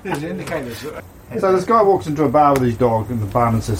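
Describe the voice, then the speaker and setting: A man telling jokes to family in a punchy, lively way. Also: mid-range voice, fast, a crowd in the background, low-quality recording. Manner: punchy, lively joke delivery. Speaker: joke teller.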